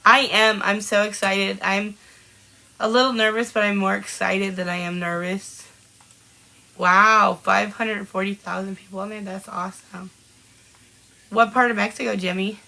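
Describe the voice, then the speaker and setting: A woman in her forties from Washington State chats on a live-streamed podcast and reads out viewer comments. Her voice is bright and forward, with a gravelly fry. She greets people by name and laughs often. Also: medium pitch, steady tone, measured pace, low-quality recording. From Washington State, USA. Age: 40s. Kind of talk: casual chat reading out live comments.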